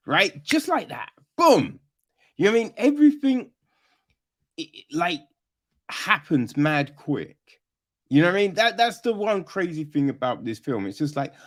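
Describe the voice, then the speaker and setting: Animated, profane man with a lively voice. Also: normal speed. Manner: animated, profane, mimics characters in mocking high voices; peppers talk with "right?" and "you know what I mean?". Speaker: podcast host. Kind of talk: casual film review chat.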